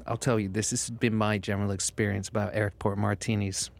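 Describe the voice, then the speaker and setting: A man's voice: fairly low pitch, flat delivery, brisk, creaky, dry recording. A man chatting casually on a podcast, telling wry stories in a dry, mock-polite way. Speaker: podcast co-host, martini drinker. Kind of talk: casual chat.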